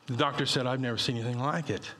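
A man preaching a sermon, telling folksy stories and building to emphatic high peaks. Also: steady tone, racing, pushed and bright, big-room sound.

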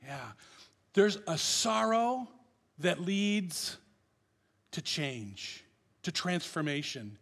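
A man preaching a passionate sermon as pastor, swinging between loud declarations and hushed, quiet lines. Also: a little high, animated, slow, in a large hall.

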